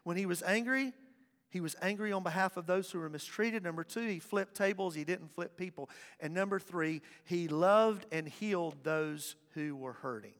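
A man preaching a sermon as pastor, impassioned, swinging from loud declarations to hushed asides. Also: high-pitched, normal speed. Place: church sanctuary. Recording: reverberant church hall with faint music.

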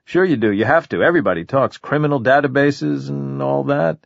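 A paranoid, jittery middle-aged man, put on by a male narrator, whose voice jumps higher and louder as he snaps at his visitor. He sounds suspicious and exasperated, as in a storybook reading. The recording is dry and a little muffled. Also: brisk, creaky, no echo. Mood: agitated. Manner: shouting, exasperated outbursts.

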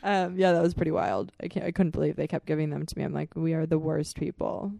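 A young woman co-hosting a podcast, telling wild stories in a profane, animated way and laughing often. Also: low voice, fast talker, gravelly, no echo. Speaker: podcast co-host. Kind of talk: casual chat, storytelling.

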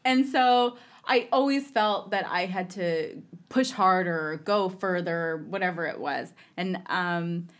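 Taking it slowly in a fairly low voice, a woman from the LA area guests on a podcast with a long, relaxed story. She imitates what people said in shifting voices and laughs often.

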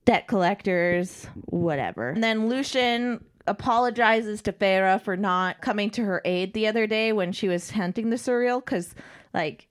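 A woman's voice: mid-range voice, normal speed, smooth. A woman co-hosting a podcast, recapping a novel in casual, irreverent chat and swearing freely. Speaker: podcast co-host.

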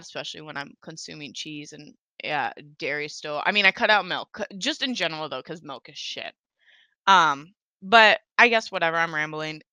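A woman's voice: low-pitched, sharp tone, no echo. A young woman hosting a casual solo podcast, rambling and swearing a lot. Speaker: podcast host.

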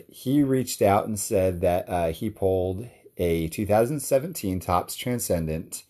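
A man with a very low voice talks to his audience in a relaxed, rambling monologue. He is eager and keeps circling back with fillers and restarts. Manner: enthusiastic. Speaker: card collector talking to his audience. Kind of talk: casual monologue.

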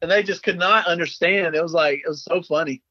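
A man from South Carolina with a Southern accent, chatting as a podcast guest in a relaxed, rambling way with many fillers. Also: fairly high pitch, a little fast, no echo, muffled recording. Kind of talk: casual chat.

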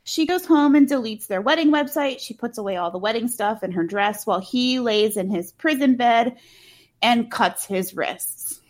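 A woman's voice: on the high side, lively intonation, moderate pace. A woman co-hosting a casual true-crime podcast, talking bluntly with swearing and lots of filler words. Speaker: podcast co-host.

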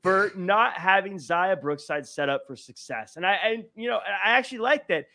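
Man with a high voice, co-hosting a podcast, animated and argumentative. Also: normal speed, gravelly. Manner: animated, argumentative, acts out quotes. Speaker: podcast co-host. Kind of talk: casual wrestling chat.

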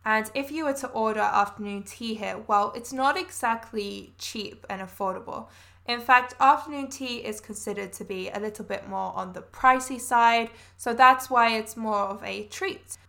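A young woman explaining customs to learners in a clear, measured way that spells out terms and gives examples. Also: a little high, bright, forceful tone. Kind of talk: explaining British food culture to learners.

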